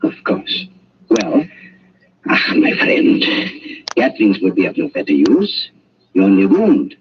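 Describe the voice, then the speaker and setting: An actor playing a nervous, fawning German doctor with a German accent who stammers, in an old radio drama. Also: male voice, sits low, huge pitch swings, slow, exaggerated voice. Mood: earnest. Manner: stammering, anxious, ingratiating. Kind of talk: 1940s radio drama acting. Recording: dull lo-fi old radio recording, faint hiss.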